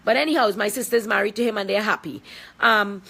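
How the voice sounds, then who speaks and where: A woman's voice: medium pitch, brisk, gravelly, pushed and bright. A woman, speaking out in a confrontational, emphatic personal video, repeating points for force. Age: 40s. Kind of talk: angry personal video statement.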